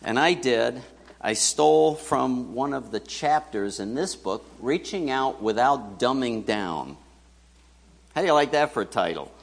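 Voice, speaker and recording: A man's voice: medium pitch, animated, measured pace, vocal fry. A man preaching a sermon as pastor, chatty and joking, putting questions to the congregation. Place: church hall. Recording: church hall reverb.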